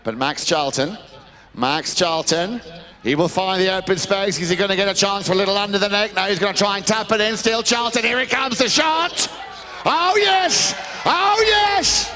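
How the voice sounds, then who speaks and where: A man giving live polo commentary to a crowd, chatty and excitable, shouting out the big plays. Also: high-pitched, normal speed. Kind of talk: live sports commentary over a PA. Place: outdoor snow polo ground.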